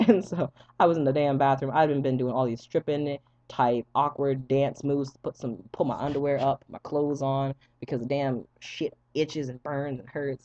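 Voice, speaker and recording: A young man vlogging, telling a story casually to his viewers, animated and profane, laughing often as he goes. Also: mid-range voice, moderate pace, hardly any pauses, dry recording. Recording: dull lo-fi dry sound.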